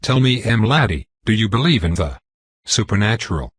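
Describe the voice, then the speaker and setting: A man's voice: on the low side, sing-song, normal speed, breathy edge, no room sound. A man voicing a boastful, grouchy older male riverboat pilot with a Southern accent, rambling in a folksy, self-important way.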